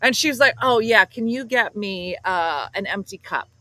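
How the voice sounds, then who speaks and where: Funny woman from south jersey telling stories, acting out the voices, really animated ups and downs. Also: medium pitch, moderate pace, rough recording. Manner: animated, acts out quoted voices. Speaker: host. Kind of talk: casual comedic storytelling.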